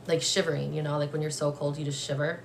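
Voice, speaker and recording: A young adult woman giving a live-streamed psychic reading, gentle and emotional, hesitant with many fillers and restarts. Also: low-pitched, level tone, fast talker, gravelly, slight background noise. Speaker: medium.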